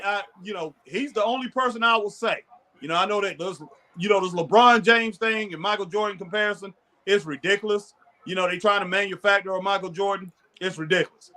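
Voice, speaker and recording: A man with a high, bright voice chats casually about old basketball greats. He gets excited quickly and laughs often as he looks back on the old days. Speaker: podcast co-host. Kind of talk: casual sports chat.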